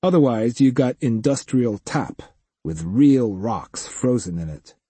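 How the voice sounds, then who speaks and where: A man narrating a science-fiction audiobook with expressive storytelling. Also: medium pitch, a little slow, breathy edge, no echo. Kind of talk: scripted narration.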